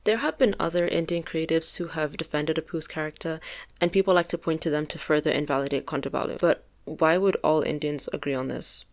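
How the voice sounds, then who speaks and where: A woman's voice: low-pitched, brisk. A young woman giving opinionated casual commentary as a video essayist, with lots of fillers. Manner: opinionated, filler-heavy, conversational.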